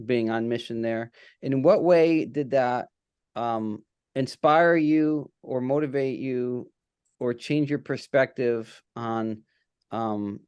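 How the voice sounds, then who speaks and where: A man's voice: mid-range voice, a little mellow, clear, resonant tone. A man interviewing mission trip members, asking questions and encouraging them with short responses.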